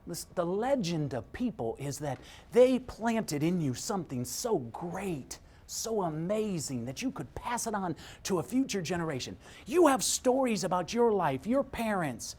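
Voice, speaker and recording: In a high-pitched, husky voice, a middle-aged man delivers a rousing motivational talk. He narrates a story, acting out its characters and swinging from whispers to shouts.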